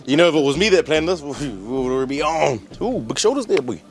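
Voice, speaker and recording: A man's voice: a little high, sing-song, brisk. Young kiwi guy filming a trip vlog on his phone, cracking jokes, slangy, music in the background. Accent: New Zealand. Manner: joking, slangy banter with frequent laughs. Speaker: vlogger. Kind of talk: casual travel vlog.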